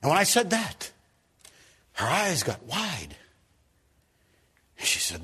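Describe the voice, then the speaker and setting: Husky-voiced preacher telling a story. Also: male voice, fairly high pitch, takes it slowly, long pauses. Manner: animated storyteller, rising loud for emphasis then dropping soft. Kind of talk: sermon storytelling.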